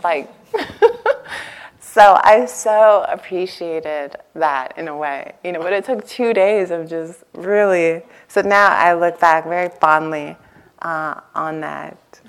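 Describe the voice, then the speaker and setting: A woman's voice: mid-range voice, animated, unhurried. A woman meditation teacher giving a dharma talk to a retreat audience. She tells stories in a casual, chatty way, full of "like" and "you know", and acts out her own past thoughts with laughter. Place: meditation hall before a live audience.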